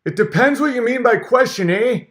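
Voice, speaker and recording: A man's voice: very high-pitched, animated, pitched above the performer's own voice. A man voicing a mocking impression of an evasive, fussy professor who drags out his words and tacks on a Canadian "eh". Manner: mocking impression, slow and over-enunciated.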